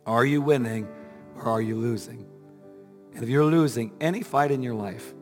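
Male pastor, strained weak voice, earnest sermon delivery with rising emphasis, reverberant church hall, soft music bed. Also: medium pitch, normal speed. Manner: earnest, rhetorical questions, rising to emphatic peaks. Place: church sanctuary.

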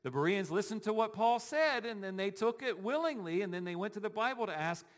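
A man's voice: high voice, expressive, brisk. A man preaching a sermon as pastor, talking conversationally and often checking in with his congregation. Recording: long hall reverb.

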